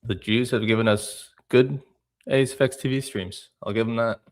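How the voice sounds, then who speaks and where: A man's voice: mid-range voice, fairly even intonation, moderate pace. A man hosting a live trading stream in casual chat, explaining chart setups step by step.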